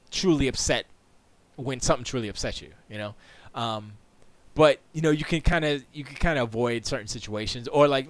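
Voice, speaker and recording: A man's voice: medium pitch, clean tone, dry recording. Chatty man rambling on a live stream. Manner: rambling, self-interrupting, laughs often. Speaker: streamer and show host. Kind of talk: casual live-stream chat. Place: home studio.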